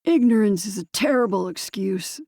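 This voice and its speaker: A gruff, curt older mailman, protective and wary, as a woman voices him. The tone is gravelly and dark. It is a dry, close audiobook read. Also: medium pitch, animated, normal speed, no room sound.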